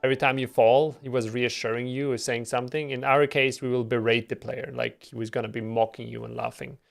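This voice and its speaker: A man's voice: medium pitch, flat delivery, brisk, creaky, soft background music. Rambling man on a devlog stream. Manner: rambling, filler-heavy, self-deprecating. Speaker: indie game developer streaming. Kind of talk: casual devlog stream talk.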